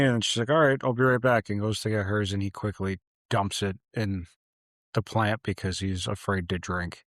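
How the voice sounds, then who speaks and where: In a casual movie recap, a male podcast co-host walks through a film's plot and performs the characters' lines. His lowish voice keeps fairly even intonation at a moderate pace, recorded in clean studio sound without echo.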